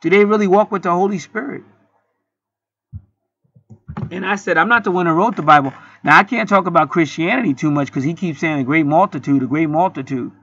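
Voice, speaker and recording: A man's voice: sits high, brisk, pauses often, sharp tone, muffled recording. Heated, profane man telling a story. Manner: profane, heated, rambling with restarts. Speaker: channel host. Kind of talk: casual storytelling monologue.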